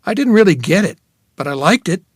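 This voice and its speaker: An earnest, easygoing teenage boy who speaks respectfully and eagerly, as a male narrator puts him on. The voice sits a touch higher than usual. The recording is close and dry for a storybook reading. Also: big pitch swings, a little fast, husky, dry recording, exaggerated voice. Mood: friendly. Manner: polite, eager.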